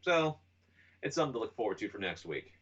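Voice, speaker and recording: A man co-hosting a podcast, chatting in a relaxed, rambling way. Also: lowish voice, rapid-fire, breathy edge. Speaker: podcast co-host. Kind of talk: casual chat. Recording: dull lo-fi recording.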